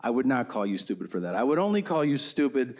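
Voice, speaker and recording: A man doing a stand-up routine, sarcastic and exasperated, his voice jumping high in mock outrage. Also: very animated, fast. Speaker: stand-up comedian. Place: comedy stage before a laughing audience. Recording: live show with clear crowd noise.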